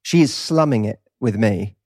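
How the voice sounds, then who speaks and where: A man's voice: lowish voice, expressive, normal speed, a little mellow, breathy edge, no room sound. Cockney guy from east london, chatty guest, chuckles a lot, dead dry sound. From East London, England. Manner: wry, laughs often while talking. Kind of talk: casual interview chat. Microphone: close studio mic.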